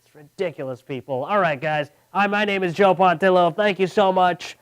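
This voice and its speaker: A man doing a stand-up set in a fairly high, clean and smooth voice. He pokes fun at himself and slips into other people's voices to act out each joke. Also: normal speed. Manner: self-deprecating, acts out quoted voices in his jokes. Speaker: stand-up comedian. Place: comedy show studio with audience.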